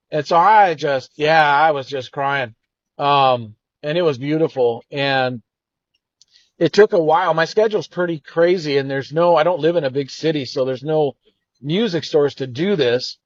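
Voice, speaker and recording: In a dull, dry, lo-fi recording, a man with a fairly high voice speaks at normal speed. He's co-hosting a show and earnestly recounts a personal experience, meandering and reflective in casual storytelling fashion.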